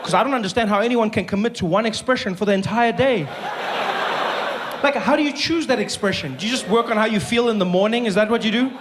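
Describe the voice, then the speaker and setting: Comedian man, animated storytelling, higher voice, long reverb on stage. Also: quick pace, heavy background noise. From South Africa. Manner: animated storytelling, asking rhetorical questions. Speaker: stand-up comedian. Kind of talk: stand-up comedy. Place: comedy stage before a live audience.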